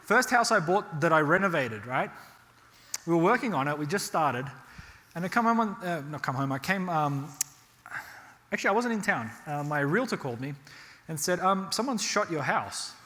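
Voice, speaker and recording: A man's voice: on the high side, moderate pace. A man from Australia giving a real estate workshop to a live audience, telling stories and checking in with "right?". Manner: animated storytelling with frequent rhetorical "right?". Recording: hall reverb.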